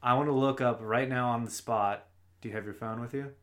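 A male podcast co-host in his thirties, chatting casually. His voice sits a touch low in a normal range. He is playful and self-deprecating, and he laughs easily. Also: steady tone, brisk, fairly bright tone.

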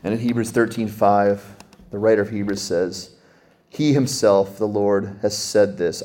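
A man preaching a sermon as a pastor, slowing and dropping soft on scripture, then rising sharply in pitch and volume to stress a point. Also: a little hiss or hum. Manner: slows down and drops to a soft low voice on scripture.

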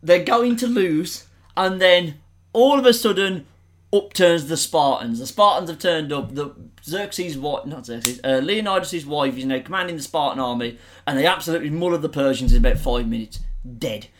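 A man's voice: a little high, moderate pace. A man retelling a film plot in casual, sweary chat, laughing often. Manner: animated, laughing, sweary storytelling.

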